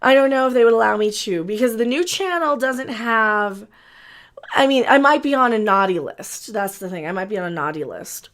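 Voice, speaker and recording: A woman's voice: a little high, normal speed, a bit bright. A woman co-hosting a casual livestream, giggly and scattered, thinking aloud. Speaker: livestream co-host.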